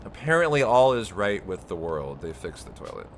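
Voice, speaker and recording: A man's voice: low voice, very animated, moderate pace, slight background noise. A man chatting casually with his viewers while speedrunning a game live, rambling and laughing often. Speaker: speedrunner streamer. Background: game music.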